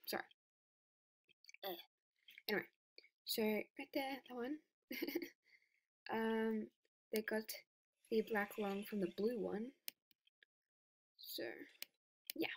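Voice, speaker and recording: A high-pitched, slightly husky woman chats her way through a game recording. She is excitable and giggly and keeps sliding into whispers, yet her speech stays unhurried. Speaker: game video creator. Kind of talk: casual gameplay commentary.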